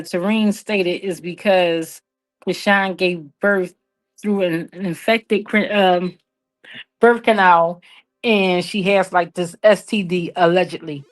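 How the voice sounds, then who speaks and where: A woman hosting a live commentary stream, talking casually and directly to her viewers. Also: lowish voice. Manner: chatty, addresses viewers directly.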